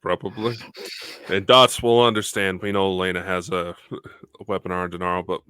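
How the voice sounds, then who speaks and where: A man's voice: sits low, flat delivery, normal speed, sharp tone, smooth, dry recording, studio quality. A man co-hosting a podcast in an easygoing, conversational way. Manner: easygoing, conversational, plugs friends' channels. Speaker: podcast co-host. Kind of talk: casual chat.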